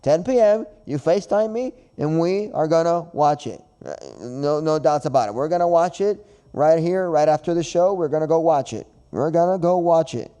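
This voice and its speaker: A man's voice: a little high, moderate pace, mellow, clean tone. A man hosting a podcast in casual chat, rambling and repeating himself with frequent laughs. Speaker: podcast host.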